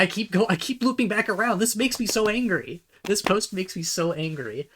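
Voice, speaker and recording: A man with a voice pitched a bit above most men's rants through a casual reaction commentary. He sounds exasperated and swears freely. He keeps repeating and restarting words as he talks to himself about what he reads. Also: a bit bright. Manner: talks to himself while reading posts aloud. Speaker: reaction video host.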